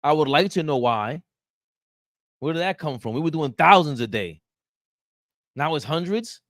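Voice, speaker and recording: A man's voice: fairly high pitch, lively intonation, normal speed, fairly bright tone, no room sound, studio quality. A man hosting a casual live-stream sports talk show, reading chat comments aloud and ranting and bantering with the chat, with laughs between points.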